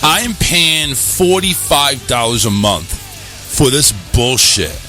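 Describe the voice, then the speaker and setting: A male host chatting casually on a live stream, his voice bright and forward, swinging up and down in pitch as he talks. He is blunt and cusses freely when something annoys him. Soft music sits underneath. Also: sing-song, slow. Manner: blunt, swears freely, easily irritated. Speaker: talk show host. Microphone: new microphone.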